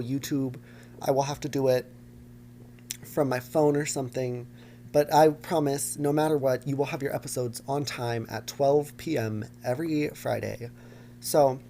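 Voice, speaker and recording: A man's voice: on the high side, vocal fry, mellow, a little hiss or hum. A young man from the United States hosting a casual solo podcast from his basement, with a dramatic, campy, self-mocking delivery. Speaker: podcast host. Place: home basement.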